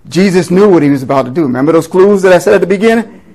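High-pitched guy preaching, reads verses then breaks them down, keeps asking "right?". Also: expressive, racing, darkish tone, rough recording. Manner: conversational teaching with frequent rhetorical "right?" questions. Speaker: pastor. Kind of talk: sermon, reading and explaining scripture.

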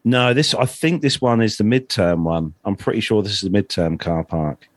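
A man's voice: on the low side, moderate pace, no room sound. A man co-hosting a casual aviation podcast, from England, talking with many restarts and fillers. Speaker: podcast co-host.

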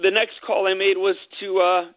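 A man's voice: sits high, level tone, no echo. A middle-aged man, an interview guest, telling a personal story candidly and emotionally, mixing in jokes. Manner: candid, emotional, quick to joke. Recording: tinny phone-line sound.

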